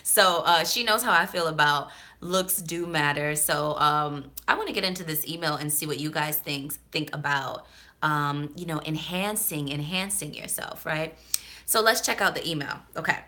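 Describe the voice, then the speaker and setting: A woman's voice: sits low, moderate pace, pushed and bright. A woman hosting a casual vlog, giving candid, chatty, off-the-cuff talk about dating. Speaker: host.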